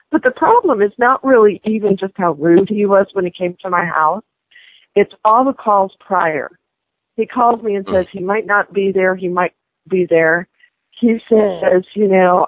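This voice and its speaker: A woman's voice: mid-range voice, a little slow, no echo. A woman angrily complaining on a phone call, indignant and swearing. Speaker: prank call target, angry customer. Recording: tinny phone line.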